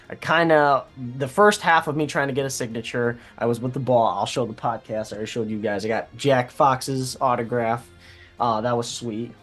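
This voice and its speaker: A young man on a casual sports podcast, telling an animated story and laughing as he goes. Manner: animated, laughing, imitating people in a high voice. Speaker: podcast co-host.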